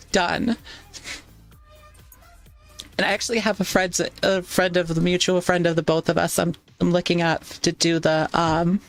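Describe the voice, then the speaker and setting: A woman's voice: fairly low pitch, gravelly. Teary chatty woman streamer. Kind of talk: casual live-stream chat. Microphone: ASMR microphone.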